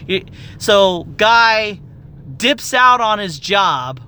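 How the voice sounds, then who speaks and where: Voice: mid-range voice, animated, extremely slow, pushed and bright, slight background noise. A young adult medical office worker ranting in a heated, profane, exasperated monologue.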